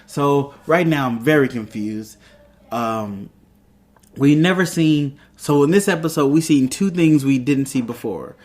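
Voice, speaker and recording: A man hosts a casual TV review, talking in an easy mid-pitched voice. He retells each scene by acting out the characters' lines. His talk is loose and chatty, full of fillers and restarts. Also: measured pace, a little mellow. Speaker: show host reviewing a TV episode. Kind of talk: casual recap and commentary.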